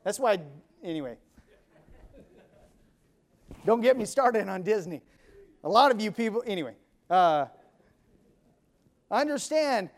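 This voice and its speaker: A man preaching a sermon, emphatic, asking and answering his own questions and counting out beats. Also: high voice. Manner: counts beats and sings snatches of songs.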